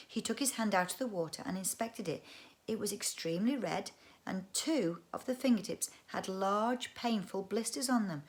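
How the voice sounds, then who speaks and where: A woman reading a children's book aloud, expressive and adding chatty asides. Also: medium pitch, moderate pace. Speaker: audiobook reader. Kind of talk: storybook read-aloud narration.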